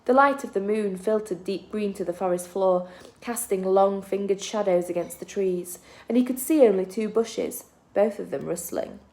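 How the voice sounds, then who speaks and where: A woman teacher reading a children's book aloud to her class, with steady, expressive storytelling. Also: mid-range voice, moderate pace.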